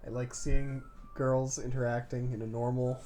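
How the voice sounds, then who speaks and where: A man's voice: medium pitch, flat delivery, moderate pace, mellow, slight background noise. A man co-hosting a game stream, chatting casually with a dry, joking manner. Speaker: streamer co-host. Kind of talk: casual chat.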